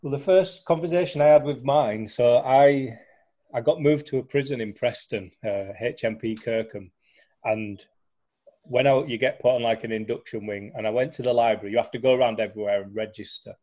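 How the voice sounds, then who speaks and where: A man's voice: mid-range voice, a little fast, warm tone, muffled recording. A young man, talking casually about his recovery with lots of restarts and fillers. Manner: chatty storyteller, many fillers and restarts. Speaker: guest sharing recovery story. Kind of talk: casual conversation.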